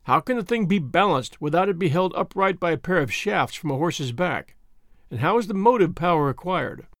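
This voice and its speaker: A man voicing a grave, formal general who speaks deliberately. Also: sits high, animated, a bit bright, no room sound, studio quality. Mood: stern. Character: stern, measured male general, middle-aged.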